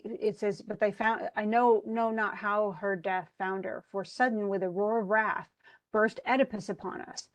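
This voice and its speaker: Woman teacher telling a story in class, lots of restarts, acts out the lines a bit. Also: a little high. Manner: animated storytelling, reads quoted lines aloud, frequent restarts. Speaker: literature teacher. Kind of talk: lecture retelling a play.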